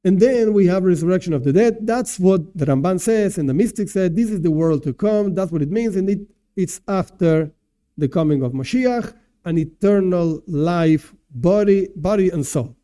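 Man with a very dark tone, lecturing. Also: high voice, animated, moderate pace. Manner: thinks aloud, rephrases and translates terms as he goes. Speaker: religious teacher. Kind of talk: informal lecture on Jewish teachings.

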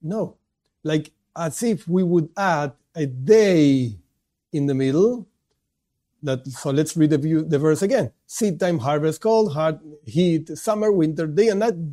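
A man leads a religious class with a fairly high, mellow voice. He keeps posing questions and answering them himself in a lively manner. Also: slow pace. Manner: animated, asks and answers his own questions. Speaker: rabbi teaching a class. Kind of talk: religious lesson.

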